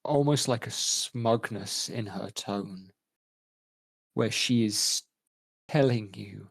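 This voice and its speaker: A man running a tabletop role-playing game, narrating in a measured, thoughtful way with frequent ums. His lowish voice moves along unhurriedly. The recording is dry and close. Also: creaky, slightly rough, no room sound. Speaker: game master.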